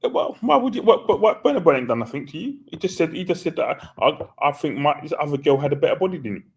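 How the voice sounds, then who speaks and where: A man co-hosts a podcast in loose, casual chat. His voice is husky. He hesitates and restarts often. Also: on the high side, big pitch swings, fast talker. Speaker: podcast host.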